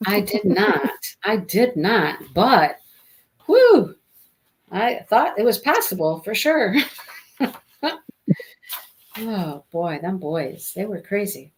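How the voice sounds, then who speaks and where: A woman's voice: medium pitch, big pitch swings, slow, long pauses. Chatty woman hosting a live book chat. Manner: chatty storytelling, laughs often, reads viewer comments. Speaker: host of a live book discussion. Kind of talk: casual chat on a livestream.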